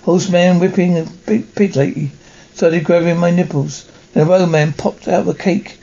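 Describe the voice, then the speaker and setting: A man's voice: high voice, steady tone, moderate pace, vocal fry, mellow. A man voicing an old grandfather who rattles off wild stories, on a dull lo-fi recording. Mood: rambling.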